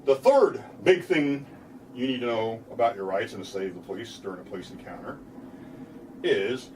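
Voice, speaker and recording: A man's voice: medium pitch, big pitch swings, normal speed, slight background noise. Plainspoken man explaining, mic at a distance. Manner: plainspoken, acts out police lines in a loud mocking voice. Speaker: defense lawyer. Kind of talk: explainer talk to camera.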